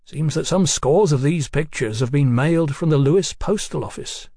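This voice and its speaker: A male narrator voicing a dry, deliberate Victorian police detective who questions politely and speaks in measured tones. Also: on the high side, warm tone, slightly rough, no echo, voice pushed up.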